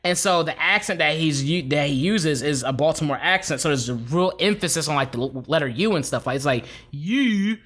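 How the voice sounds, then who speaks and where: A man's voice: a little high, brisk, hardly any pauses. A man co-hosting a podcast, chatting casually, teasing his partner and telling stories with lots of laughter. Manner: laughing, teasing, animated storytelling. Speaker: podcast co-host. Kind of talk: casual chat.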